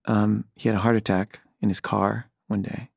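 A man's voice: fairly low pitch, level tone, normal speed, vocal fry, a little mellow, slightly rough, no room sound, clean studio sound. A middle-aged man, a filmmaker, telling a personal story in a hesitant, wry, rambling way with many fillers and restarts.

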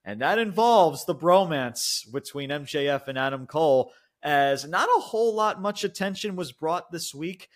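Rambling, animated male podcast host. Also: on the high side, normal speed, hardly any pauses. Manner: loose, rambling, peppered with fillers and swearing; animated retelling, laughs often. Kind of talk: casual wrestling recap chat.

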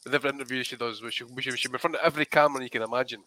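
A man's voice: mid-range voice, fairly even intonation, racing, sharp tone, no echo, low-quality recording. A man co-hosting a podcast, joking and swearing. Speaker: podcast co-host. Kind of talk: casual banter.

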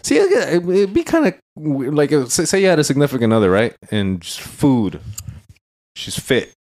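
A man's voice: on the high side, very animated, normal speed, a little mellow, no room sound, studio quality. A man co-hosting a podcast in casual, crude chat, rambling loosely with lots of "like" and "right.". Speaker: podcast co-host.

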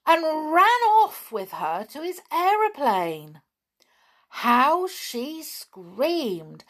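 Expressive woman reading a children's story. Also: medium pitch. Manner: expressive, with asides to listeners.

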